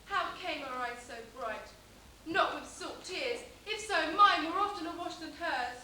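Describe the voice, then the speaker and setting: A wounded, lovelorn young woman, played by a young woman on a school stage, pouring out verse with passion. Her very high voice is bright and lively. It echoes strongly from far across a hall. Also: a little slow, full character voice. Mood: pleading. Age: young adult. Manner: impassioned declaimed verse. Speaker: amateur stage actor. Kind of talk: live school stage play. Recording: echoey hall, distant mic, faint hiss.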